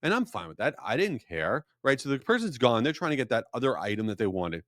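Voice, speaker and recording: A man hosting a podcast, telling a story in an animated, rambling and self-deprecating way. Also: mid-range voice, quick pace, dry recording, studio quality. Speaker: podcast host. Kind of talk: casual storytelling monologue.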